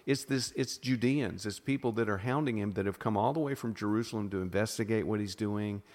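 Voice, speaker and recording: A man's voice: on the low side, fairly quick, a little mellow, long reverb tail. A man with a Southern US accent, a podcast guest explaining ideas in a thoughtful way, often restarting his sentences. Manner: thoughtful, self-interrupting explainer with frequent restarts. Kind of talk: casual teaching conversation.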